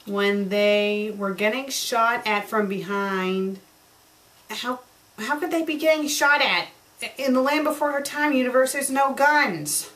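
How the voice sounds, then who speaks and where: A woman's voice: fairly high pitch, measured pace, a bit bright. A woman reviewing fan fiction, reading passages aloud and breaking in with sarcastic, exasperated commentary.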